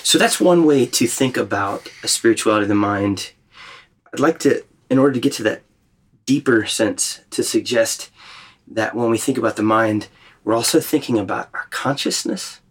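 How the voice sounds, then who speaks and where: A man leading a group retreat, teaching in a thoughtful, gently questioning way. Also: medium pitch, moderate pace, slightly rough. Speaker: retreat leader. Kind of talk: reflective spiritual teaching.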